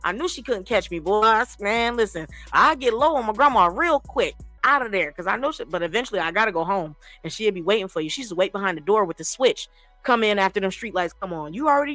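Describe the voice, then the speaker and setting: A woman host telling childhood stories in casual chat, animated and profane, acting out other people's voices. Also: medium pitch, fairly quick, no room sound, faint music behind.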